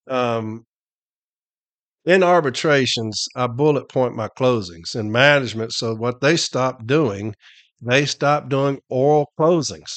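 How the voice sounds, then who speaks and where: Middle-aged man, brash storyteller, profane, average pitch. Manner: brash, profane, laughs at his own stories. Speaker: union advocate and podcast guest. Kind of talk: casual storytelling.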